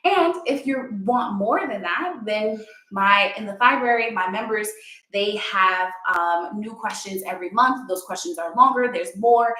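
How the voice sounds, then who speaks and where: A woman's voice: mid-range voice, measured pace, bright, forceful tone. Chatty encouraging woman in an echoey room. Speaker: yoga teacher and confidence coach. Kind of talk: casual motivational talk.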